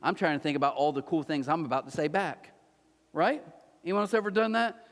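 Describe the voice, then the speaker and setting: A man preaching a conversational sermon who acts out little scenes in quick put-on voices. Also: on the high side. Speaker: pastor. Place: church auditorium. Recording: long hall reverb.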